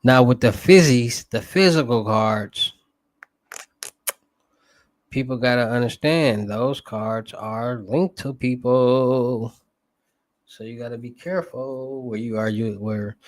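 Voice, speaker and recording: A young man with a Southern US accent talks loosely to his livestream chat, rambling and full of slang. His voice sits in an ordinary middle pitch. The sound is close and dry, with little room in it. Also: a little slow, no echo. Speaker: livestream host. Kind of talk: casual livestream talk to chat.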